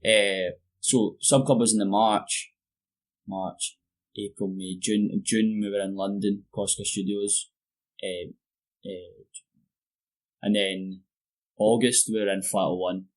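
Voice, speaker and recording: A man's voice: lowish voice, flat delivery, slow, long pauses. A Scottish man chatting casually as a podcast guest, telling stories in a loose, sweary way full of "like" and "mate". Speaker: guest musician. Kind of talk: casual chat over beers.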